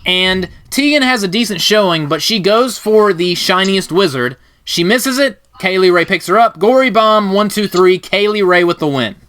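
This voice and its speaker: Podcast host, high lively voice, bright tone, narrates wrestling matches. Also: male voice, moderate pace, few pauses. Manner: animated, jokey, laughs loudly.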